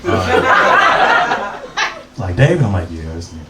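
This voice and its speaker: A man's voice: low-pitched, wildly swooping pitch, takes it slowly, vocal fry, heavy background noise. A young adult man doing a profane, loose stand-up set, telling stories and working the crowd. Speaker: stand-up comedian. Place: comedy club stage. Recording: roomy live club sound from a distance with crowd.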